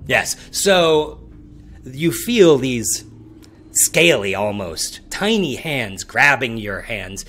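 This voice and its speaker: Slow-talking man narrating a tabletop game. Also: medium pitch, big pitch swings, a bit bright. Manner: slow descriptive narration with restarts. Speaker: dungeon master.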